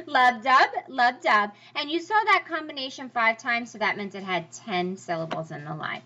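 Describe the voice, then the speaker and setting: A bright, high-pitched woman teaching a class, her voice bouncing up and down as she sounds out rhythms. The recording is a little dull and lo-fi. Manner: lively, emphatic, sing-song stress demonstrations. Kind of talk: classroom lecture over slides.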